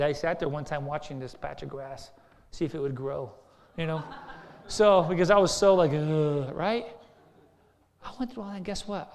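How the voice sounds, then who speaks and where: Conversational pastor in an echoing hall. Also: male voice, on the high side, darkish tone. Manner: conversational, storytelling, frequent "right?". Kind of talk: sermon. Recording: long hall reverb.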